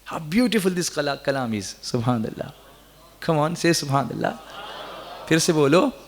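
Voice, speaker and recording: Man preaching to a crowd, high voice, big echoey hall, keeps getting them to repeat after him. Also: sing-song, normal speed, slight background noise. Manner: coaxes the audience to repeat, rises into fervent emphasis. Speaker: Quran reciter and teacher. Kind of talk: interactive religious talk with recitation. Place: large hall at a religious gathering. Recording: reverberant hall.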